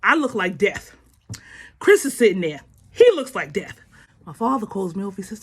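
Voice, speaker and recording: Animated woman telling a family story. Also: mid-range voice, normal speed, breathy edge. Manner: animated, laughing, addresses listeners as y'all. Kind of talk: casual storytelling to viewers.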